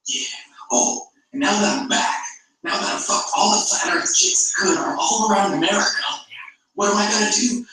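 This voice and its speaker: A man's voice: high-pitched, fairly even intonation, normal speed, bright, forceful tone. A man doing a cocky, crude parody vlogger. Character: brash, boastful male vlogger, mocking parody. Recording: echoey room, far from mic.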